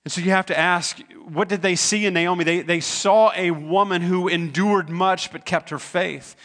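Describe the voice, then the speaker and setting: A man's voice: high voice, fairly even intonation, moderate pace, a bit bright. A man preaching a sermon as pastor. He retells a scripture story in his own conversational words, earnest and stumbling now and then over repeated words.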